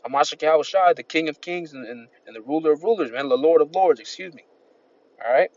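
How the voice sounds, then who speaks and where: A man's voice: on the high side, quick pace, dull audio. A man preaching an informal sermon, reading scripture and rambling with constant "man" and "all right" fillers. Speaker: street-style preacher.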